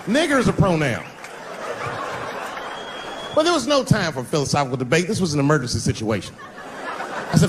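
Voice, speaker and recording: A man's voice: fairly high pitch, very animated, brisk, pauses often. Profane stand-up comic in his fifties. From Washington, D.C. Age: 50s. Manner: profane, conversational, swings between voices. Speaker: stand-up comedian. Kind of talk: stand-up storytelling. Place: live comedy stage before an audience. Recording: noisy live venue recording.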